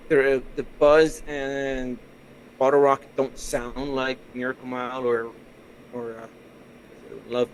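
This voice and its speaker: A man's voice: mid-range voice, flat delivery, moderate pace, slight background noise, low-quality recording. Easygoing Canadian man telling stories. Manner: easygoing, rambling storyteller. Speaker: podcast guest. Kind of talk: casual interview chat.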